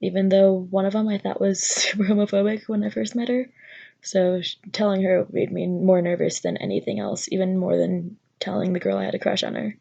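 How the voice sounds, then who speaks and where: A young woman shares her story in a home vlog, nervous and rambling, circling back on herself with lots of fillers. Her voice has a gravelly fry at the ends of phrases, and the recording sounds dull and lo-fi. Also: medium pitch, a little fast, mellow. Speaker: vlogger.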